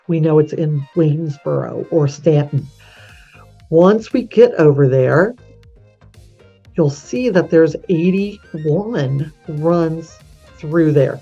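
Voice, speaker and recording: A woman's voice: low-pitched, takes it slowly, mellow, husky, dull audio, faint music behind. A woman hosting her channel, chatting casually and correcting herself as she leads a map tour. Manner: chatty, folksy, self-correcting. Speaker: real estate channel host.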